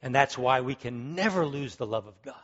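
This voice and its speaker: A man's voice: mid-range voice, lively intonation, a little fast, a bit bright, lo-fi sound. A man preaching a sermon, emphatic and fervent, repeating key words as he builds to strong peaks. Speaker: pastor.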